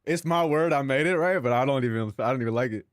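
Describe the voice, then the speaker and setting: A man's voice: medium pitch, quick pace, dry recording, studio quality. A young man streaming live, rambling casually to his chat and himself, swearing freely.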